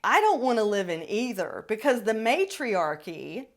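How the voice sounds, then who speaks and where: A middle-aged woman hosts a podcast, telling stories in a casual monologue with an unhurried delivery. Her fairly high voice swings widely, and she's blunt, salty, and profane, keeping the storytelling animated.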